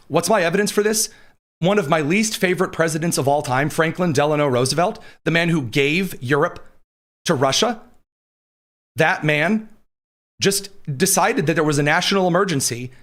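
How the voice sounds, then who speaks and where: Man, political commentary host, combative, sarcastic, reads quotes aloud, somewhat high voice, studio mic. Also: a bit bright. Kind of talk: live-streamed political commentary.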